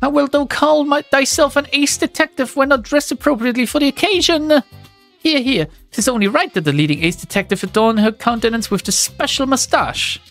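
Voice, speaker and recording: A man's voice: very high-pitched, brisk, fairly bright tone, soft background music, pitched above the performer's own voice. A man voicing a theatrical young woman knight who speaks in grandiose, old-fashioned phrases in a raised voice.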